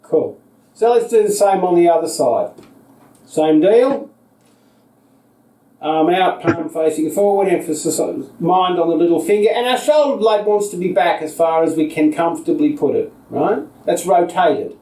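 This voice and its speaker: An Australian man leading a seated yoga class, giving calm, patient cues timed to the breath. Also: fairly high pitch, moderate pace. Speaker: yoga teacher. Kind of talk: guided seated yoga instruction. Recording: echoey room, voice picked up from a distance.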